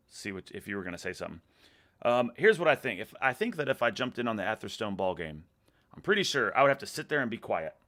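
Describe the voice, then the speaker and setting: A man's voice: mid-range voice, a bit bright. A man with a Texas accent hosting a casual livestream, reading viewer comments aloud with a laid-back, chuckling manner while drinking beer. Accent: Texan. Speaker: livestream host.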